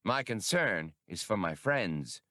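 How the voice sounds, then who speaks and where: A man's voice: fairly low pitch, big pitch swings, slow pace, bright, forceful tone, no echo, clean studio sound, heavily acted. A man voicing a prim, dignified male alien who is easily outraged. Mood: indignant. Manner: prim, indignant.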